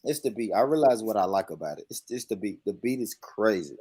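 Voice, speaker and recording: Laughing Southern American man, animated. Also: on the low side, fairly quick, breathy edge, no echo. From Southern United States. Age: middle-aged. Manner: laughs often, animated and playful. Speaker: host. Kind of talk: casual panel chat.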